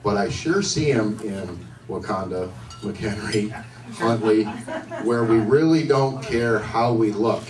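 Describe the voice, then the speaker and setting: A man's voice: lowish voice, slow, a little mellow. A man doing a stand-up set at a bar comedy night, with a loose, rambling delivery, often asking the crowd questions. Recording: echoey room, distant mic, faint noise.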